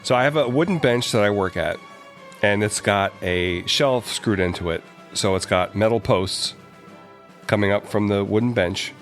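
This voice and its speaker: A man co-hosting a casual comedy podcast, easygoing and quick to laugh. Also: fairly low pitch, soft background music. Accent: New England. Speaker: podcast co-host, baker.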